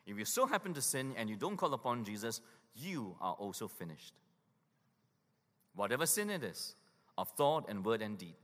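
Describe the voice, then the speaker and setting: Animated preaching man in a reverberant hall. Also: normal speed. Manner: emphatic preaching, swinging between loud urgency and hushed lows. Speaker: pastor. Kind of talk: sermon.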